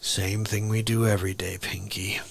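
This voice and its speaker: A man voicing a scheming male cartoon mouse genius in a deep, pompous, theatrical voice. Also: flat delivery, normal speed, vocal fry, slightly rough, no room sound.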